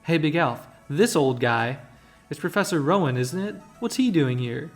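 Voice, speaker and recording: A man voicing an excitable, impatient young boy rival in a video game, reading his lines in a rushed, eager way. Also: fairly high pitch, faint music behind, lightly acted. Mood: excited. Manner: excitable, rushing.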